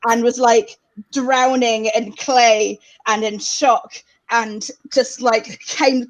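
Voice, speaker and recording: A woman's voice: on the high side, steady tone, slow, highs cut off. A young woman with a South East London accent telling rambling stories on a comedy panel, full of fillers. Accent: South East London English. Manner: rambling, filler-heavy storytelling. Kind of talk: casual anecdote telling on a panel.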